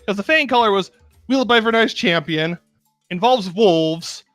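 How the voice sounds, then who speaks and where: High-pitched male game master, casual tabletop narration, laughs a lot, dry close sound. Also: expressive, measured pace, fairly bright tone, dry recording, soft background music. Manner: casual, laughs often, chatty asides.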